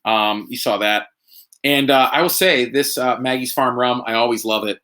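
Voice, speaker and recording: A man's voice: mid-range voice, normal speed, sharp tone. A man hosting a casual live stream from home, tipsy from drinking, rambling and joking with lots of fillers. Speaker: host.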